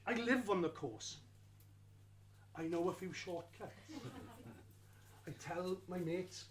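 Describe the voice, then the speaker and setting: A man telling a lively first-person story of his school days, wry and slowing down for emphasis. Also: high voice. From Wales.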